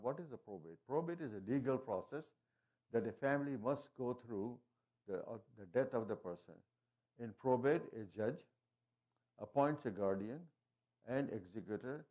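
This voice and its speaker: A man's voice: mid-range voice, warm tone. A man giving a presentation on wills and estate planning, talking through his slides with frequent restarts and fillers. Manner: halting, frequent restarts and fillers, non-native phrasing. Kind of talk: informal presentation talk.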